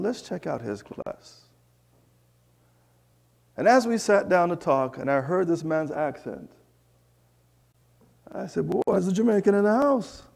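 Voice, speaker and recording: Man, preacher, animated storytelling sermon, higher-pitched voice, gravelly edge. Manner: animated, chatty storytelling with asides to the congregation. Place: church.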